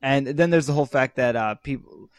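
A man's voice: medium pitch, a little fast, slight background noise. A young man co-hosting a casual podcast chat, rambling and hesitant with many fillers. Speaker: podcast co-host.

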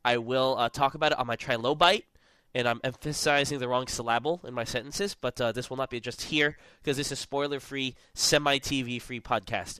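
A man's voice: medium pitch, steady tone, moderate pace, sharp tone, clean tone, no room sound. A man hosting a casual podcast, rambling and joking with plenty of fillers. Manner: rambling, jokey, lots of fillers. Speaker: podcast host.

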